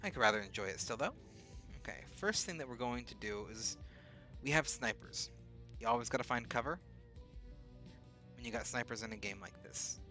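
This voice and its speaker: A man's voice: medium pitch, expressive, moderate pace, long pauses, sharp tone, soft background music. A man streaming a video game late at night, casually thinking aloud about his moves. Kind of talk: casual gameplay commentary.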